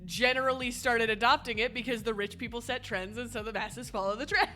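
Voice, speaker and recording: A chatty woman streaming a game, with a high, bright voice and frequent laughter. Faint game music sits under her casual commentary. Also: moderate pace.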